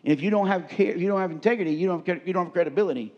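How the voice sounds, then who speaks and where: A man's voice: sits high, racing, highs cut off. A man preaching a sermon from a stage, emphatic and repeating key words for stress. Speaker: pastor. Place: on a stage before a congregation.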